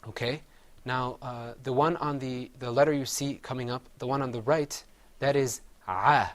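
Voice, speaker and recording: Here a man leads a class through Arabic letter sounds, patiently pronouncing each and having the group repeat. He explains step by step how to position the mouth, speaking in a mid-range, a bit bright voice at a moderate pace during this classroom drill.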